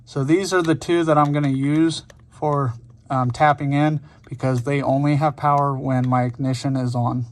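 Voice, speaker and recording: A man's voice: mid-range voice, level tone, normal speed. A man hosting a car channel, casually explaining a hands-on install step by step while working in a vehicle workshop. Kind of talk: hands-on DIY install walkthrough.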